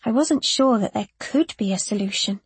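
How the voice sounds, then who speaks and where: A woman narrating a first-person story in a measured, tense way. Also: medium pitch, lively intonation, slightly rough, no room sound. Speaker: audiobook narrator.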